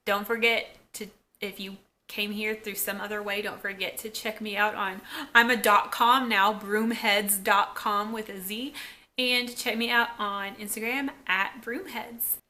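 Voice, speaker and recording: A woman recapping a TV episode in a casual vlog, chatty and full of fillers and excited asides. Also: medium pitch. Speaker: YouTube episode reviewer.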